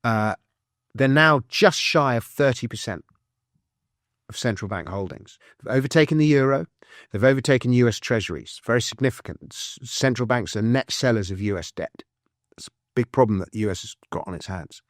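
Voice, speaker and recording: A man's voice: mid-range voice, no room sound. Chatty man, dry close sound. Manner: chatty, restarts and quick asides while explaining. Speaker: author and financial commentator, guest. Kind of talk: casual interview conversation.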